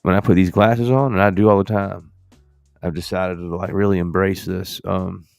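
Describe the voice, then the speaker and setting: A male podcast host who chats casually and jokes with his viewers. His voice is low and gravelly. It is recorded dry, with faint music underneath. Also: steady tone, normal speed, darkish tone, no echo. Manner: playful, joking, talks to viewers as "folks". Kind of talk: casual demo chat.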